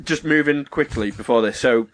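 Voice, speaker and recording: A man's voice: mid-range voice, normal speed, a bit bright. A young man, hosting a podcast and telling a rambling story full of fillers. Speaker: podcast host. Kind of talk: casual chat.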